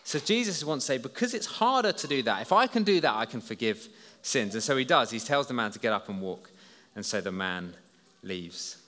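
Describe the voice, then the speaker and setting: Male preacher, animated storyteller, bright tone, echoing church hall. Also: medium pitch, a little fast. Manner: lively, storytelling, talks to listeners as "you". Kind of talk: children's talk sermon. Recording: long hall reverb.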